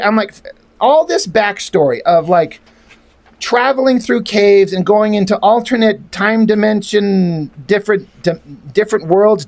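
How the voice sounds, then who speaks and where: A man reading through a comic aloud and mocking it with sarcastic, rambling, profane asides. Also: sits high. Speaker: comic reviewer.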